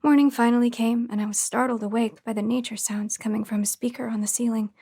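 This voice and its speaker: Hushed woman narrating horror. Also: on the high side, fairly even intonation, fast, husky, no echo, clean studio sound. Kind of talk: first-person horror story narration.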